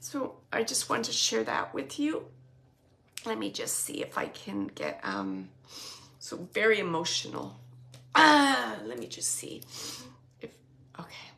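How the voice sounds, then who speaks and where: A woman working as a psychic medium, talking slowly and with emotion as she passes on messages during a live reading. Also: fairly high pitch, wildly swooping pitch, creaky, a bit bright. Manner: slow, emotional, relaying spirit messages. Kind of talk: livestreamed spirit reading.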